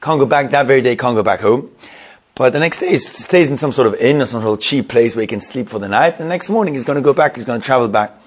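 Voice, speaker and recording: A man's voice: mid-range voice, fast talker, husky. A man telling a Hasidic tale, often repeating and restarting himself and using Yiddish terms. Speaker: storyteller.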